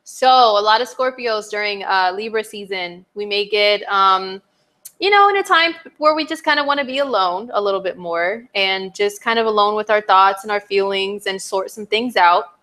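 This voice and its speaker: Young woman, astrologer, chatty, animated, playful exclamations, lots of fillers, mid-pitched voice. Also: moderate pace. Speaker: astrologer giving a weekly forecast. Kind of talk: casual spoken forecast to viewers.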